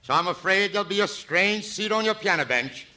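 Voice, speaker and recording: An older man in his sixties hosting a 1940s radio comedy show, trading scripted jokes and singing with slow, drawn-out theatrical phrasing. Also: sits high, lively intonation, sharp tone. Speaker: host and singer. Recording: old radio broadcast with orchestra.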